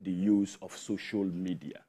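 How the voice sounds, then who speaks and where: A man's voice: sits low, flat delivery, unhurried, dark tone, slightly rough. A man with a Nigerian accent, a studio guest explaining a point emphatically with figures. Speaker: guest, tech education founder. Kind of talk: studio interview.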